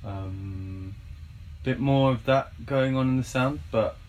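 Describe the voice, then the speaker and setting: A man's voice: mid-range voice, slow, darkish tone, muffled recording, a little hiss or hum. A man in a band, talking thoughtfully with many likes and ums as a guest in a casual chat.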